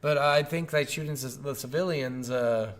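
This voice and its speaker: A man's voice: medium pitch, moderate pace, a crowd in the background. A man co-hosting a casual video game review podcast, rambling, swearing freely and acting out quotes. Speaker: podcast co-host.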